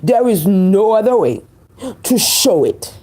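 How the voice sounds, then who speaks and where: A woman with a Haitian accent delivers a fiery opinion commentary to her viewers. Her voice is mellow and a little husky, and her pitch swings widely. She preaches each point and repeats key phrases slowly for emphasis. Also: sing-song.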